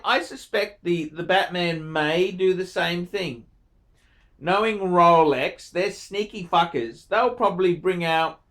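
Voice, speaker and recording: A man in his forties speaks in a high, lively voice full of swoops. He reviews a viewer's watch collection casually, swearing constantly and repeating phrases to drive them home, with effusive enthusiasm. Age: 40s. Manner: profane and emphatic, repeats words for emphasis. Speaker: watch channel host.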